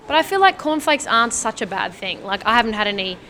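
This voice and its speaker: A woman's voice: on the high side, very animated, fast, bright, forceful tone, a little hiss or hum. A woman with an Australian accent chatting casually as host, laughing often and asking curious questions. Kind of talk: casual chat.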